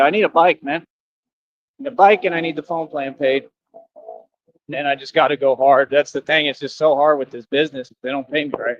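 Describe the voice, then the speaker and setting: Traffic goes by as a man in costume streams live from the streets, strolling and chatting casually in a loose, wandering way. He has a fairly high pitch, captured with lo-fi sound.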